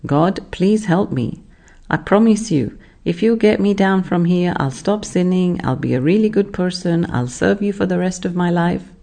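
A speaker acting out a frightened man clinging to a branch over a cliff, pleading and yelling for help in a story told during a spiritual talk. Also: mid-range voice, moderate pace, vocal fry, pitched above the performer's own voice, close to an everyday voice.

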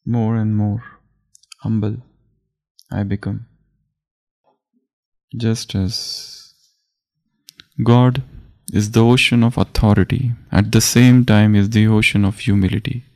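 A man giving a spiritual discourse as a teacher, speaking slowly and deliberately and repeating his phrases. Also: fairly low pitch, flat delivery, darkish tone.

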